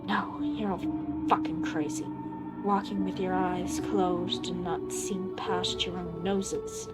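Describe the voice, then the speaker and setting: Paranoid loner, furious and curt, read by a woman, slow delivery over loud game music. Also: on the low side, little pitch movement. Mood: agitated. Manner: curt, agitated, swearing. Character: paranoid, angry lone man, tired and hostile.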